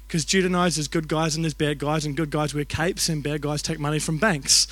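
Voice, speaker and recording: A New man in his thirties preaches by telling stories, joking and acting out the voices of the people in them. His voice sits high and sounds bright and forward. The sound is dry and close. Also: fairly quick, hardly any pauses, no room sound. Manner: animated, jokey storytelling with acted-out voices. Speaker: youth and kids pastor. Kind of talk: storytelling sermon.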